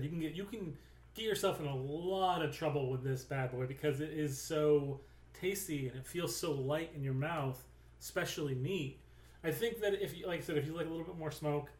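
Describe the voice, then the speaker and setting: A man hosting a podcast in casual chat, relaxed and prone to trailing off and restarting. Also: a little high. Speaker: podcast host. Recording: roomy echo.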